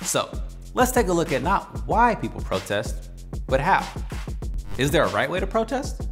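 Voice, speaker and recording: A man's voice: fairly high pitch, wildly swooping pitch, moderate pace. A man hosting an educational explainer video in a playful, conversational way. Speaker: host. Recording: faint music behind.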